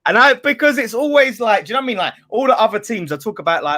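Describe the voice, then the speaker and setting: A man's voice: high-pitched, quick pace. Chatty young man guest. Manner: chatty, rambling, lively. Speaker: podcast guest, football fan. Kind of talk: casual chat.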